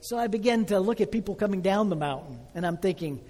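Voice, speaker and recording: Husky-voiced man in his sixties preaching. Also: high-pitched, animated, big-room sound. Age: 60s. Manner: emotional storytelling, swelling loud then dropping soft and slow. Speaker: pastor. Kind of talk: sermon.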